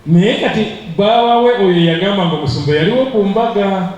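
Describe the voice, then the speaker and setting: A man, a bishop preaching a sermon in short phrases that pause for translation. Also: sits high, darkish tone. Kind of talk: sermon with interpreter. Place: church. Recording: very echoey church hall.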